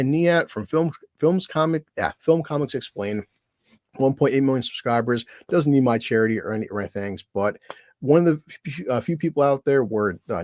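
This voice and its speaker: A man's voice: mid-range voice, a little mellow, no echo. A man chatting casually on a livestream, rambling and swearing freely, with self-deprecating asides and laughs between remarks. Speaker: streamer thanking fellow creators.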